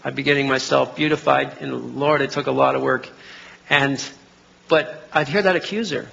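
A man's voice: fairly high pitch, fairly even intonation, normal speed, creaky, pushed and bright, husky, highs cut off. A middle-aged male pastor preaching a sermon in church. He keeps asking the congregation questions and has them say lines back to him. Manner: interactive, asks the congregation to respond. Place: church sanctuary.

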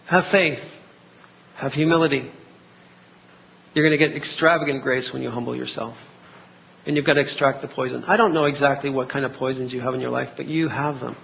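Middle-aged male pastor, animated sermon delivery, gravelly tone, muffled lo-fi recording. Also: medium pitch. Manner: animated, acts out dialogue in voices. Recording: dull lo-fi recording.

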